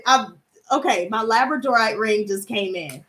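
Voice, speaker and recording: A woman's voice: on the high side, moderate pace, a bit bright, echoey room, slight background noise. A woman in her twenties, a tarot reader and streamer, chatting casually on a livestream with blunt, profane, heated talk. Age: 20s.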